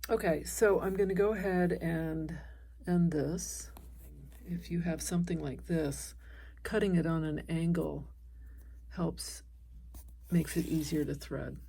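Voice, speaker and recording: A woman teaching an embroidery stitch step by step, talking calmly as she works by hand. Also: deep voice, normal speed, creaky, slightly rough. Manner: calm, explains while stitching by hand. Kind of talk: step-by-step craft tutorial.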